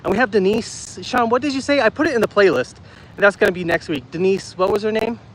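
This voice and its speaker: A man in his thirties with a high, fairly bright voice talks fast while hosting a casual walking livestream in a city park. He chats with viewers and reads their comments aloud, recorded on a handheld phone with low-quality sound.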